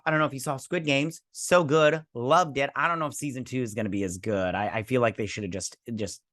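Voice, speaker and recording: Man, young, bright voice, entertainment news host, reads articles, rambling opinionated asides. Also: mid-range voice. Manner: rambling, opinionated asides between read-out passages. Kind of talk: casual news roundup with commentary.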